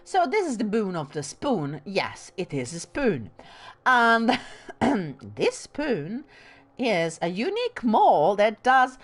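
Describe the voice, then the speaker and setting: The pitch of her mid-range voice swoops wildly while her pace stays slow. She's a woman from Bologna, Italy who hosts let's plays, with a light Italian accent, a slight Bolognese lilt and diction trained in drama school; her casual commentary on the game wanders into self-deprecating asides.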